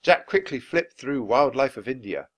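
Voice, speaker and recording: Male storybook reader, clear and steady, expressive mid-pitched voice with a lot of pitch movement. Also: normal speed. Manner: clear, steady reading at natural speed for learners. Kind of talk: reading a children's book aloud.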